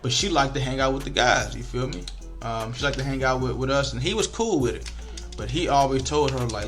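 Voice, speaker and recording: Faint music plays behind a young man commenting casually on a football video game. He's frustrated and animated, swears a lot, and switches from ranting to telling stories, with African American Vernacular English speech patterns. His mid-range voice moves a little fast.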